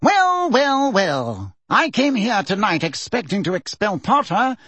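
Guy doing a squeaky pompous storybook minister, giddy and blustery, husky edge. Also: sing-song, a little slow, fairly bright tone, no echo, exaggerated voice. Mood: triumphant. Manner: gleeful, blustering, quivering with delight. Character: excitable pompous male minister, middle-aged. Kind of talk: audiobook character reading.

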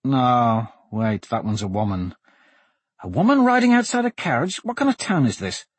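A man voicing a brash, restless young swordsman in a storybook reading, loud and teasing. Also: mid-range voice, big pitch swings, moderate pace, breathy edge, no echo.

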